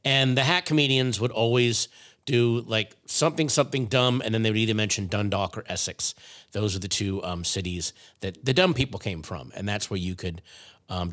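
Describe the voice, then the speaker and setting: A man's voice: on the low side, a bit bright. Rambling man hosting a podcast. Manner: rambling, halting with many fillers. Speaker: podcast host. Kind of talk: casual chat.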